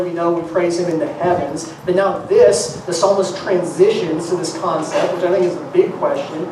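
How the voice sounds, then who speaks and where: Pastor, mid-pitched, earnest sermon delivery with repeated phrases, caught from a distant mic in a noisy, reverberant hall. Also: fairly even intonation, moderate pace, few pauses, a little mellow. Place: church sanctuary.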